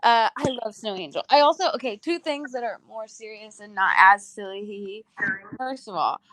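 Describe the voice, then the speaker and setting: A woman's voice: fairly high pitch, lively intonation, fairly quick, a bit bright, dry recording. A woman chatting casually on a livestream, groggy, rambling and giggly, swearing freely between songs. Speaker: singer on a livestream.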